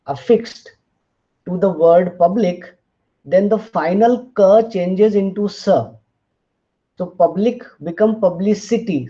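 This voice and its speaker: A man gives a slow, methodical lecture, spelling out letters one by one and pausing on each example. His voice sits fairly high for a man but has a mellow, darker tone. The audio is slightly dull and lo-fi. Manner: slow, deliberate, spells out letters, frequent "fine" and "uh". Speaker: linguistics lecturer.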